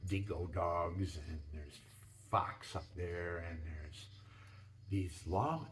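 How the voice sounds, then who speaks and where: An older man telling casual, rambling stories about his home and pets, with lots of restarts and folksy asides. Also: low-pitched. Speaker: home video maker. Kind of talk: casual storytelling.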